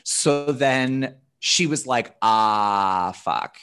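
A man's voice: lowish voice, moderate pace. A man in his thirties, a podcast guest telling candid, profane stories in casual chat, often restarting his phrases.

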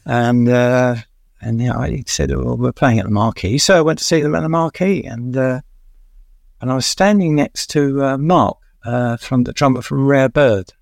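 An older man, his voice gravelly and fry-laden, recalls stories in a rambling interview manner. He pauses often with "uh" and chuckles at his own asides. The sound is dry and close, with no room echo. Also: mid-range voice, darkish tone. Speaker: veteran music journalist, guest. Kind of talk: anecdotal interview storytelling.

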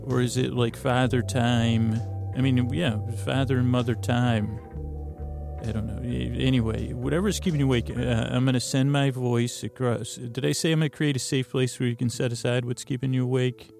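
Hosting a sleep podcast from a closet, a man rambles in a meandering way, correcting himself, drifting into asides and using lots of fillers. His creaky, gravelly mid-range voice stays steady at a normal speed, picked up by a close studio mic over music.

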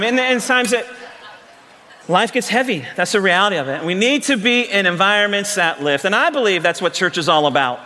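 Middle-aged male pastor, lively sermon with jokes, high and bright, big echoing sanctuary. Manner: lively, joking, rising to shouts. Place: church sanctuary. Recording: long reverb of a large hall.

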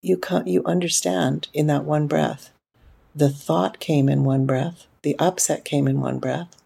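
A middle-aged woman parenting coach giving reflective podcast talk, telling stories gently and unhurriedly, with restarts. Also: deep voice, fairly even intonation, a little slow, creaky, husky.

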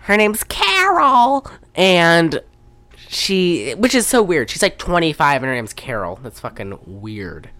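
Lively, low-voiced woman chatting casually. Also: unhurried. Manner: rambling, profane, acts out quotes. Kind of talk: casual chat recapping a movie.

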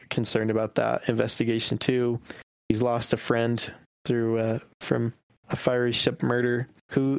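A man's voice: mid-range voice, gravelly, dry recording. A man playing in a tabletop game, rambling and hesitant. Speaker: player. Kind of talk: casual tabletop play.

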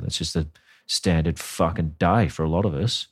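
A man's voice: low-pitched, normal speed, slightly rough, no echo, studio quality. A man hosting a casual comedy podcast, sweary and sardonic as he tells a story. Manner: sweary, sardonic storytelling, reading quotes aloud. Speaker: podcast co-host.

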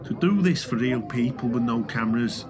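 Man putting on a crude tv psychic, sweary, indignant outbursts, pitched up high. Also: lively intonation, normal speed, crowd noise, natural voice. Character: crude, touchy male TV medium.

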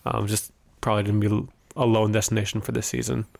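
A man's voice: lowish voice, flat delivery, fast talker, vocal fry, darkish tone. Dry, informative male co-host from Wisconsin. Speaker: podcast co-host. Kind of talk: casual sports chat.

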